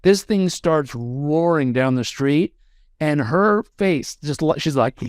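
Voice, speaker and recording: A man in his thirties, guesting on a podcast, animatedly tells a story and performs the voices of its characters. He speaks slowly in a voice on the high side, in a dry, studio-quality recording.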